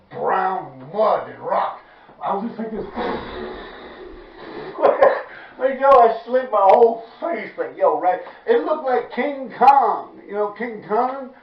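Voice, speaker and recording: High-voiced New York man, profane storytelling. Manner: profane, laughing, animated street talk. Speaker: graffiti writer telling a story. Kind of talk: casual storytelling to viewers. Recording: echoey, distant, dull with faint noise.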